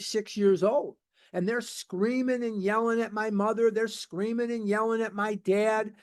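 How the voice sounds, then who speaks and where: Older man with a high voice, telling his story. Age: 70s. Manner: blunt, emphatic storytelling with repeated phrases. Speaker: speaker sharing his recovery story. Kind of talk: personal testimony at a recovery meeting.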